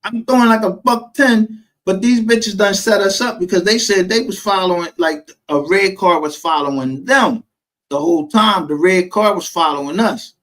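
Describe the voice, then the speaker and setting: This man's high-pitched voice carries a Texas accent as he casually tells profane, slang-filled stories, voicing the people in them. He talks at a normal speed, and the audio is rough.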